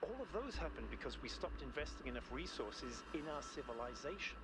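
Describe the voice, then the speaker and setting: A man's voice: mid-range voice, big pitch swings, fairly quick, heavy background noise, lightly acted. An actor playing an earnest male robot scientist in a video game, persuasive about progress.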